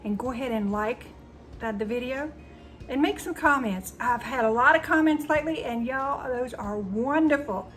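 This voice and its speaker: A Southern US woman hosts a cooking channel, chatting casually to camera and getting emotional with her viewers while saying "y'all" a lot. Her high-pitched voice is fairly bright and moves at normal speed over soft background music.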